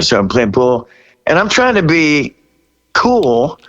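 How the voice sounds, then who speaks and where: A man in his sixties, a rock singer guest, telling stories in an interview with animated energy, laughing and acting out what people said. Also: fairly high pitch, takes it slowly, muffled recording. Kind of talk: storytelling interview.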